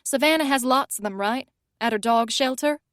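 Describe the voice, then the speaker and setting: A woman's voice: sits high, normal speed, a bit bright, no room sound, clean studio sound. A woman reading an audiobook, voicing a blunt, sassy young woman friend who mocks and scolds dramatically. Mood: teasing. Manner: mocking and dramatic.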